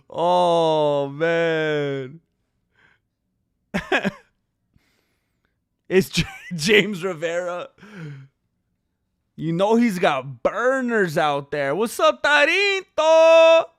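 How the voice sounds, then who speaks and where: Speaking extremely slowly with frequent pauses, a man with a fairly high, creaky yet smooth voice hosts a casual livestream. He jokes around playfully and reads chat names out loud.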